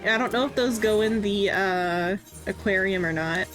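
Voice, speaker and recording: A woman's voice: mid-range voice, normal speed, fairly bright tone, low-quality recording. A woman talking casually while she plays on stream, her sentences rambling and restarting. Faint music runs in the background. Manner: rambling, with many fillers and restarts. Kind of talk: casual gaming chat.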